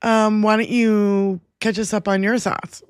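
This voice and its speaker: A woman co-hosts a livestream in a loose, giggly manner, swearing freely. Her voice sits at a middle pitch. It is recorded dry and close. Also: little pitch movement, measured pace, smooth, no room sound. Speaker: livestream co-host. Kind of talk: casual chat.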